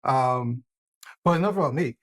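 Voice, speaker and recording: A host asking questions in casual conversation, halting and searching for words. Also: medium pitch.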